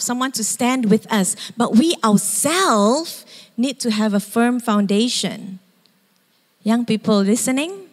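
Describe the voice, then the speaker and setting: A woman preaching a sermon, animated and asking her congregation questions, at times acting out shouting. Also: medium pitch. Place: church hall. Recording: reverberant church hall.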